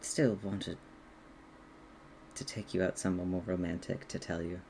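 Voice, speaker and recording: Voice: low voice, steady tone, creaky, a little hiss or hum, pitched below the performer's own voice. Seska, a shy dragon confessing love, voiced by the game master. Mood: tender. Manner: soft, hesitant, halting confession. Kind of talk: in-character tabletop role-play.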